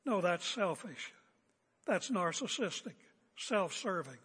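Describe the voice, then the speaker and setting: High-pitched, husky preacher man. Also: sing-song, slow, fairly bright tone. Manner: emphatic, confrontational preaching with repeated phrases. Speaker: pastor. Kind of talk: sermon. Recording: echoey hall with long reverb.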